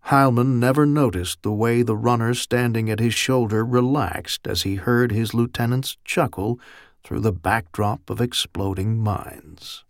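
Brief: male audiobook narrator, measured delivery, gravelly texture, dry close sound. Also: mid-range voice, steady tone, no room sound. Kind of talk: scripted narration.

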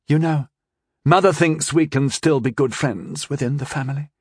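A man performs a cold, tipsy, scheming princess of sixteen in an audiobook, drawling slyly and condescendingly. He pitches his voice above his own natural range, landing on the high side with a slightly mellow, breathy edge at a moderate pace. The sound is dry and studio quality.

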